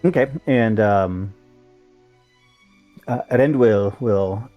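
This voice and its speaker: Casting: a man with a low voice and a dry, close sound, narrating his character in a tabletop game. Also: takes it slowly, dry recording, muffled recording, soft background music. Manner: hesitant, with many fillers.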